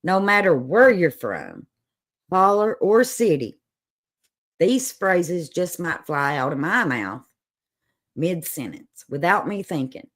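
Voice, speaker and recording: Appalachian Southern woman, livestream host, low-pitched voice that swoops with lively melody, unhurried folksy sass. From Southern United States, Appalachian holler. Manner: folksy and sassy, laughs often. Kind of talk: casual chat on a livestream.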